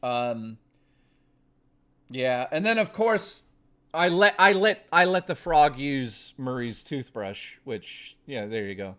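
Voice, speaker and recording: A man's voice: medium pitch, lively intonation, slow, fairly bright tone. A man livestreaming, chatting casually to his viewers in a rambling, profane, joking way, full of restarts. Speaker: livestreamer talking to chat.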